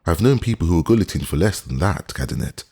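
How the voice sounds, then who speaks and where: A man voicing a young royalist baron in an audiobook, with a lively, mocking way of asking questions and a very deep, husky voice. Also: fast, full character voice. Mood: teasing. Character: young male royalist baron, bold and teasing.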